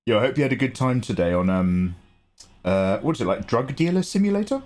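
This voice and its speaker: A man's voice: mid-range voice, big pitch swings, fast talker, a little mellow, slight background noise. A man hosting a casual livestream, greeting viewers by name in a chatty way and laughing often. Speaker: art livestream host.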